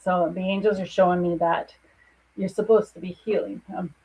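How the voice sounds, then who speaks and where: Middle-aged psychic lady doing live readings, soft breathy voice, earnest and reassuring. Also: on the low side, fairly even intonation, normal speed, low-quality recording. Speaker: psychic medium giving readings. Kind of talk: live spiritual reading to viewers.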